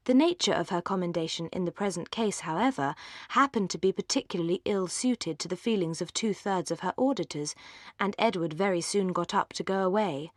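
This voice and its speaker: Audiobook narrator, woman, mid pitch, measured and articulate, dry close sound. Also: no room sound. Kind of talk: scripted narration.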